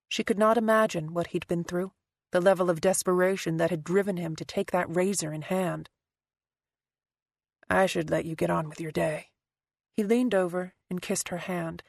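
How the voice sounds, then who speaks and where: A woman narrating a thriller audiobook in a steady, even storytelling manner. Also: on the low side, dry recording, clean studio sound. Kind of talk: scripted narration.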